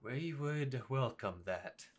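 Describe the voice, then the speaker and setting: A man's voice: mid-range voice, animated, slow pace. A man voicing a stately male leader who speaks formally and courteously. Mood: gracious.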